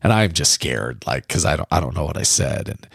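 A middle-aged man from the US Midwest, co-hosting a parenting podcast and telling a self-deprecating childhood story in a casual, animated way. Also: a bass voice, fairly quick, gravelly, breathy edge, dry recording, studio quality.

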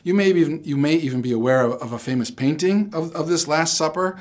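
A man's voice: fairly high pitch, quick pace. A middle-aged male pastor giving a conversational sermon. He tells stories, puts direct questions to his listeners and often repeats words as he starts a phrase.

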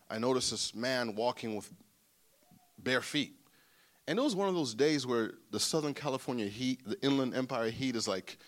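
A man pastor preaching a sermon through personal stories, animated and building to loud, emphatic points. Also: mid-range voice.

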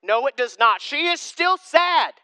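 A man's voice: very high voice, animated, measured pace, pushed and bright, dry recording. A man in his thirties, a pastor giving a conversational sermon with self-deprecating humor.

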